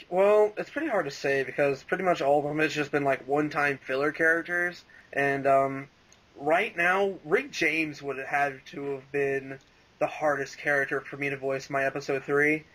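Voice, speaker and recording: A young man, a fan voice actor, rambles casually as an interview guest, his speech full of "like" and "um" and frequent laughter. His voice is fairly high and a bit bright, at a moderate pace, on a rough recording.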